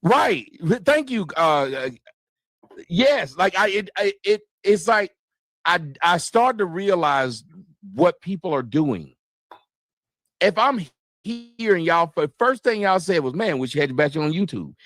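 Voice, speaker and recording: A man talks casually on a live stream, stammering and repeating words before he gets heated. The recording is dry and close, and his voice sits a little high for a man. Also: very animated, measured pace, fairly bright tone, no echo.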